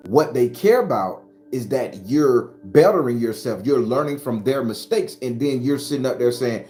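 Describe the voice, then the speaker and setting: A man's voice: medium pitch, animated, moderate pace, hardly any pauses, dark tone. A man giving an emphatic, profane spiritual talk with a preacher-like cadence, speaking as the channel's host. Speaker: spiritual advisor. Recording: roomy echo with faint music.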